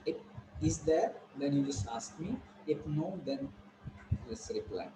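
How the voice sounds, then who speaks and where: A man's voice: fairly high pitch, animated, measured pace, noisy background. A man with an Indian English accent teaching an online class, explaining words and repeating them for students. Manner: instructive, repeats words, asks students questions.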